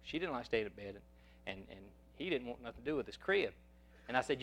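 A man's voice: medium pitch, sing-song, fast talker, a bit bright. Folksy preacher man telling stories. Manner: folksy storyteller, repeats words as he goes. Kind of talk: sermon with personal storytelling.

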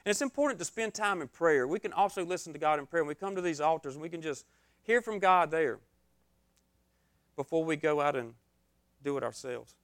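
Joking young preacher with a smooth voice. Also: male voice, on the high side, a bit bright, no echo, studio quality. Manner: self-deprecating and joking, acts out his own reactions. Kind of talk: informal sermon.

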